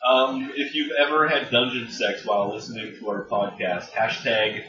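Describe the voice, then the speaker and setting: A man's voice: medium pitch, level tone, normal speed. A man co-hosting a podcast in casual chat, rambling and laughing with many fillers. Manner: rambling, laughing, full of likes. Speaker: podcast co-host. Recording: distant, dull, roomy mic with chatter behind.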